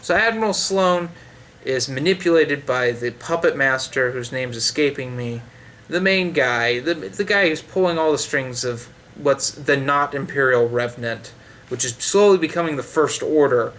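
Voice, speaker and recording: A man's voice: mid-range voice, expressive, moderate pace, fairly bright tone, slight background noise. A man giving a sarcastic, profanity-heavy book review in a loose, rambling way, full of fillers and restarts. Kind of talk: ranting casual review.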